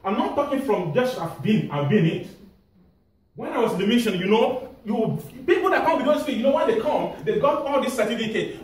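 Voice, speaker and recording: A man with a Nigerian accent preaching a sermon, animated and laughing often, asking the congregation to finish his sentences. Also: extremely high pitch, brisk. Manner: animated, asks the audience to fill in answers, laughs often. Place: church hall. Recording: echoey church hall from far off.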